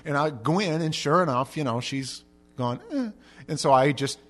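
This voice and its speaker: A middle-aged male pastor preaches in a lively, storytelling way. His voice jumps between loud, raised passages and soft, low asides, and he repeats words as he gets going. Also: normal speed. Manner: animated storytelling with big swings in pitch and loudness; repeats words when starting sentences. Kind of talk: sermon.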